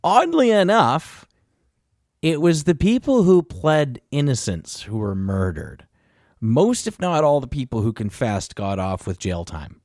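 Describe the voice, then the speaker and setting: A man's voice: mid-range voice, very animated, a little slow, a little mellow, no echo, studio quality. A man hosting a casual podcast chat, rambling through history and often chuckling as he corrects himself. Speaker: podcast host.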